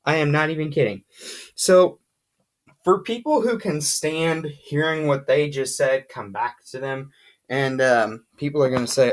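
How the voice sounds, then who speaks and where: A lively, emphatic explainer walks through radio gear in a casual whiteboard lesson. The voice sits at an ordinary middle pitch and keeps hammering points home by repeating them. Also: a little slow.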